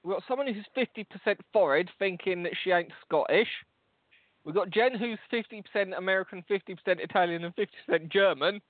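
A man's voice: high-pitched, brisk, dry recording. A man with a London accent co-hosting a podcast, teasing and swearing in rambling casual banter. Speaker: podcast co-host. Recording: tinny phone-like line, dry.

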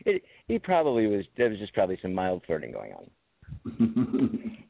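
A man's voice: lowish voice, huge pitch swings, moderate pace, vocal fry. Rambling, laughing man on a phone-like line. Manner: rambling, laughs often, jokey storytelling. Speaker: podcast co-host. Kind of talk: casual chat. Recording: phone-like call audio.

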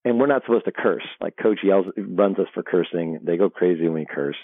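A middle-aged man, a sports broadcaster, telling animated locker-room stories as an interview guest, often restarting his sentences. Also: low voice, a little fast, no room sound. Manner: animated storyteller, frequent restarts. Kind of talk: storytelling interview. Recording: dry tinny phone line.

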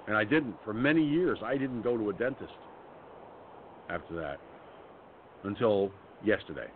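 A man's voice: fairly low pitch, lively intonation, moderate pace. A man hosting a radio talk show who tells stories in a blunt, angry, profane rant. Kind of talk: ranting personal storytelling. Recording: phone-like line with faint noise.

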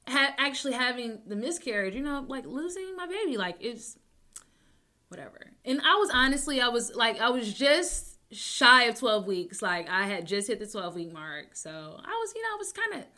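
Bright-voiced woman rambling on her talk show. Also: fairly high pitch, big pitch swings, normal speed. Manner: rambling, self-interrupting, jokes to deflect; swings between loud bursts and soft mumbles. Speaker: podcast host. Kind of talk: casual personal talk show.

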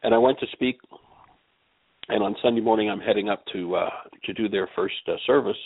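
Gravelly, husky man on a tinny line. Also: fairly low pitch, a little fast, no room sound. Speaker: radio show host and healing teacher. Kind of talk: spoken teaching with a told story.

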